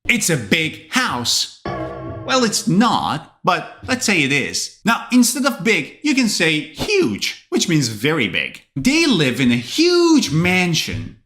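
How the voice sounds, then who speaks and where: A man teaching English vocabulary to camera in an expressive, playful way. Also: fairly high pitch, takes it slowly, faint music behind. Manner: expressive, lively delivery with playful asides.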